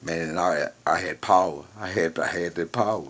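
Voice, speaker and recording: A man's voice: deep voice, moderate pace, a bit bright. A man from Houston telling a boastful, slang-filled, profane story in a casual way. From Houston, Texas.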